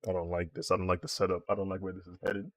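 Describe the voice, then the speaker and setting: A man casually chatting with his stream viewers while he draws, in a relaxed, rambling way with frequent laughs. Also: deep voice, very fast, no echo, studio quality. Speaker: streaming digital artist.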